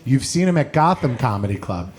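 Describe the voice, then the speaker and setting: A man's voice: mid-range voice, big pitch swings, fairly quick. A man giving the opening announcements and introducing the host at a small comedy club, joking with the crowd and calling out at times. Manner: jokey, uses um often, calls out loudly at times.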